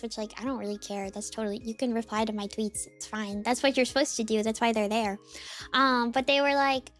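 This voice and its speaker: A woman's voice: high voice, a bit bright, soft background music. A woman streamer chatting casually with her viewers, giggly and teasing, her voice a bit worn. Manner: giggly, teasing, rambling with fillers; reads out chat names rapidly. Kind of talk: casual chat with chat.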